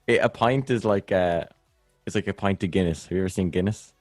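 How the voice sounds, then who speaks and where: Deep-voiced young Irish man. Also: fairly quick, darkish tone, dry recording, clean studio sound, faint music behind. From Ireland. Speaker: podcast host. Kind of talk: casual chat.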